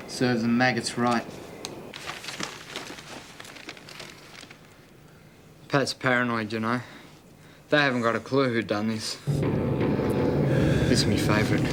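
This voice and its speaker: An actor playing a leering, menacing Australian criminal who talks crudely and often drops into a rasping whisper. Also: male voice, medium pitch, noisy background, natural voice. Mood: gloating. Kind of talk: TV police drama acting.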